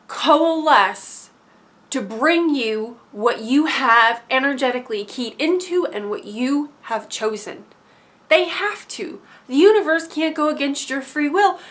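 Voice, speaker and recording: Young woman vlogging, higher voice, super emphatic, goes loud then drops to a hush. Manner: intense, emphatic, swings between loud and hushed. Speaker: spiritual vlogger. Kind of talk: emphatic motivational monologue to camera.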